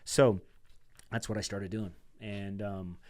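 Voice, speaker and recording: A man with a slightly low voice speaks as a podcast guest. He tells a long personal story in easy, unscripted conversation and stays animated throughout. He calls the host "dude" and "man". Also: slow pace. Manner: chatty and animated, says "dude" and "man", acts out quoted dialogue.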